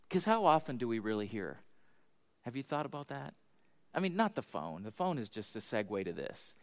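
A man's voice: medium pitch, big pitch swings, moderate pace. A middle-aged man preaching a conversational sermon, chatty and self-deprecating, often asking the congregation questions. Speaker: pastor.

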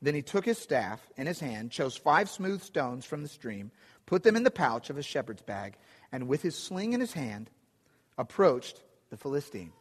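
A man's voice: mid-range voice, very animated, normal speed, husky. A man preaching a sermon, retelling a scripture story in a conversational way with vivid asides. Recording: echoey hall.

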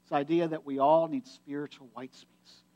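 A pastor with a notably high-pitched male voice delivers a sermon. He talks to the congregation in a casual, conversational way and drives his points home by repeating key phrases. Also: little pitch movement, normal speed, muffled recording. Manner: conversational, emphatic preaching with repetition.

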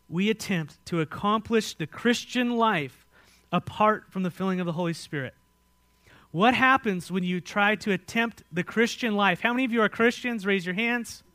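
A man with an American accent preaching a sermon as pastor, swinging between loud emphatic lines and hushed ones and asking the congregation questions. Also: fairly high pitch, dry recording. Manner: asks the congregation direct questions.

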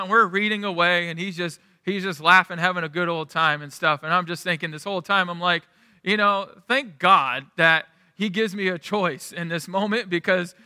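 A man's voice: high voice, bright, forceful tone, no echo, studio quality, big-room sound. A male pastor preaching a sermon in a conversational, storytelling way, often restarting his sentences.

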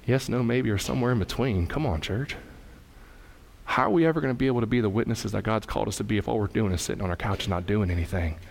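A man's voice: on the low side, quick pace, creaky. A male pastor preaching a sermon in a conversational way, asking the congregation questions and acting out little dialogues as he tells a story.

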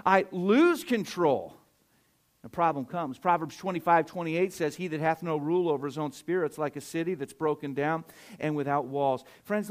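A middle-aged man, a pastor preaching a sermon, swinging between loud emphatic surges and quiet asides. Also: a little high.

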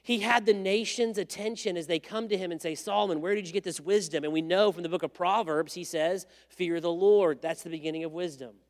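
Male preacher, high-pitched, animated storyteller, long hall reverb. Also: brisk, few pauses. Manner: animated storytelling, swings from loud to hushed. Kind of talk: sermon.

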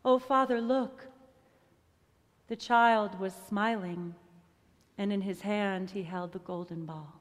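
A woman telling a storybook tale in an expressive, soft-edged manner, closing with a prayer. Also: mid-range voice, a little slow, in a large hall. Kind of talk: storybook reading ending in prayer.

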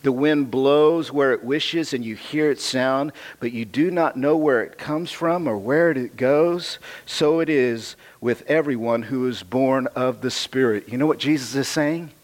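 A man's voice: mid-range voice, a little slow, few pauses. A man preaching a sermon. He reads scripture and explains it in a conversational way, repeating phrases for emphasis. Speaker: pastor.

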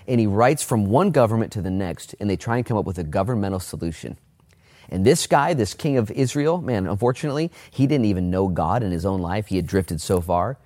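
A male pastor with a fairly low voice delivers a casual, animated sermon from a church. He reads scripture aloud, then drops into quick high-pitched character voices for the people in the story. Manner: animated, acts out Bible figures in a high put-on voice. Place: church, online service during lockdown.

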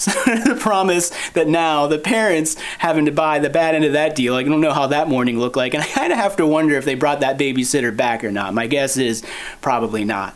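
A male pastor giving a sermon for an online church, relaxed and conversational, mixing in dad jokes. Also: a little high, brisk. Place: recorded for online church at home.

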